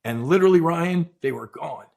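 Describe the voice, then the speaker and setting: A middle-aged man, a former naval aviator, recounting a deep personal experience in an intense, animated way, swearing and acting out quoted dialogue. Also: a little fast, creaky, highs cut off. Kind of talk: emotional storytelling in casual chat.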